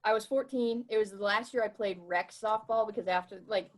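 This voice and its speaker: A woman with a Rhode Island accent, co-hosting a podcast and telling stories in a lively, wry way. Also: medium pitch, a little fast. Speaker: podcast co-host. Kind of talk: casual chat.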